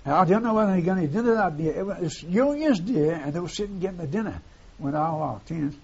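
An older war veteran rambles through memories in an oral history interview, repeating phrases and tacking "see" onto the ends of his lines. His high-sitting voice is animated, brisk, and slightly rough. It's captured on dull lo-fi tape with faint hiss.

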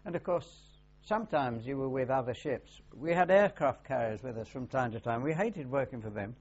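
A man's voice: mid-range voice, animated, moderate pace, breathy edge. An older man, a naval veteran, answering questions in an oral history interview with dry humor. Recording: dull lo-fi recording.

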